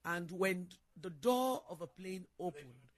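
A woman's voice: lowish voice, animated, a little slow. A woman sharing a personal faith testimony as a guest, telling it as an earnest story and often repeating or restarting her phrases.

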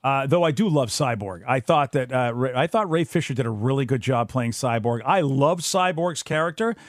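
A man co-hosting a podcast chats casually, rambling with plenty of fillers and restarts. His mid-range voice is expressive and moves at a normal speed. The studio sound is clean, with no echo.

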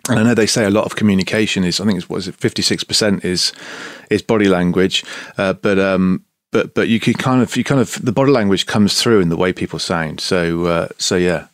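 Middle-aged Bristolian man, low voice. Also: a little fast, no room sound. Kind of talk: casual podcast chat.

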